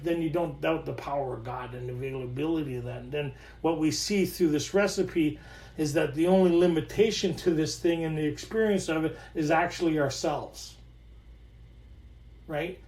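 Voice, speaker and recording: A high-pitched middle-aged man, speaking at a recovery workshop, tells stories casually from home. He's animated, laughs often and repeats phrases for emphasis, and the echoey sound suggests a bare room.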